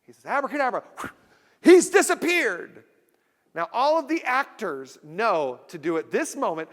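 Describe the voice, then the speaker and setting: Lively man telling stories in a hall. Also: very high voice, moderate pace. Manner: storytelling, acts out voices for effect. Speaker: keynote speaker. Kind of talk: humorous keynote talk. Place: large conference hall. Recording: long hall reverb.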